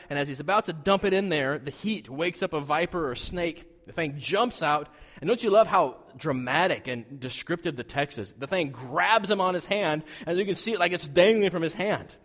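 A man from Wyoming, a pastor preaching a storytelling sermon, conversational and animated, swinging between loud and hushed. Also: high-pitched, moderate pace. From Wyoming, USA. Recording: reverberant hall.

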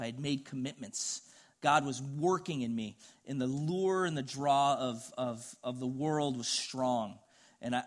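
A middle-aged man preaching a sermon, telling a personal story in an earnest, conversational way. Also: mid-range voice. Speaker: pastor.

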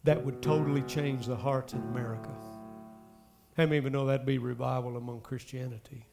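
A man preaching a sermon, speaking straight to the congregation with emphatic swells and soft drops. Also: medium pitch, steady tone, fairly quick, gravelly, music in the background. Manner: addresses the congregation directly. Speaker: pastor.

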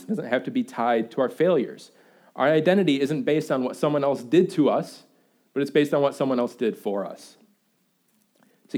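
A young man preaching a sermon in a church, telling playful, animated stories about his baby son. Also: on the high side. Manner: animated storytelling, excitable and playful. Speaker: pastor.

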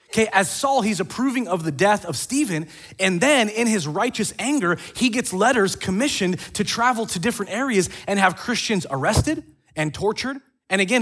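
A man preaching a casual sermon, retelling scripture stories in an animated way with quick asides. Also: sits high, breathy edge. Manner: animated storytelling with acted quotes and asides. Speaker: pastor.

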